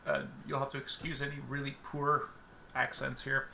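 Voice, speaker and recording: A man talks his way through a solo tabletop game, wandering and restarting his sentences as he invents the scene. His voice sits a little high, bright and crisp, with a gravelly fry. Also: level tone, moderate pace. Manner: meandering, many fillers and restarts.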